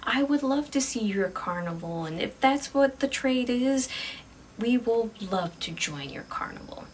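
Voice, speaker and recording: Storybook role: woman playing a bubbly, polite young woman hiker, a bit high. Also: expressive, a little slow, far from the mic, slight background noise. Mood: eager.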